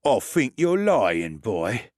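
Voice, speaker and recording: Man playing a drunk dwarf thug, male, rough slurred voice, slow menacing drawl, audiobook villain. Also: medium pitch, sing-song, a little mellow, no room sound, clean studio sound.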